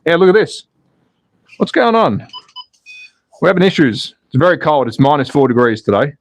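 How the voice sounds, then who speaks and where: A man at home, excitedly calling slot car races on a live stream and casually chatting with viewers. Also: a little high, fast, slight background noise, low-quality recording. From Australia. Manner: excitable commentary, then relaxed chatting with viewers. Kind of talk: live race commentary and chat reading. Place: home in Austria.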